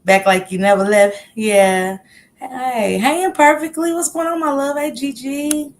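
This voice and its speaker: A woman's voice: sits high, fairly even intonation, measured pace. A woman hosting a casual livestream, a little out of breath as she chats and greets viewers one by one with upbeat calls. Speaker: livestream host.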